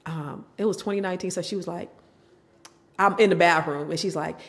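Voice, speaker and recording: A woman's voice: fairly low pitch, a little fast. A middle-aged woman, a podcast guest, telling her personal story candidly and acting out what family members said. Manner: animated, acts out quoted family members.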